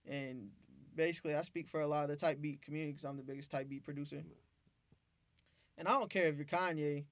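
A man, a beat producer, telling profane, animated stories in a casual interview. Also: a little high, quick pace, no room sound. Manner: profane, animated storytelling with acted-out quotes.

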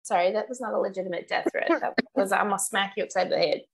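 A young woman co-hosting a podcast chats casually and fast in a mid-range voice. She's an animated storyteller who swears and laughs as she goes.

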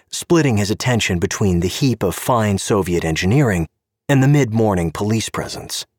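Husky, low male story narrator. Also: dry recording, clean studio sound. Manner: wry, expressive storytelling. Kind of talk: scripted audiobook narration.

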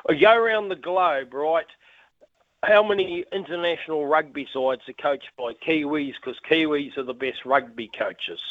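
A man's voice: on the high side, normal speed. Passionate male caller on tinny phone line. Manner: passionate, emphatic. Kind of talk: phone-in call.

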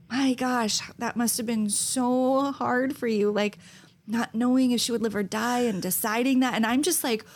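A woman co-hosting a podcast in casual chat, telling stories with lots of laughter and acted-out quotes. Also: a little high. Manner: animated storyteller, laughs often, acts out quotes. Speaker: podcast co-host.

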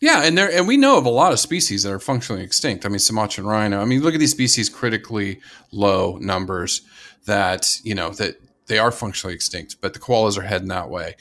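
A man's voice: fairly low pitch, lively intonation, fast talker, a bit bright. An American man co-hosting a casual conservation podcast, talking enthusiastically and rambling with frequent restarts. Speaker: podcast co-host.

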